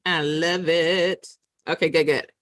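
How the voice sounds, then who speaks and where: A woman hosting a casual live-stream tutorial on Zoom tips, chatty and excitable, talking straight to her viewers with quick asides, through a computer mic. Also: sits low.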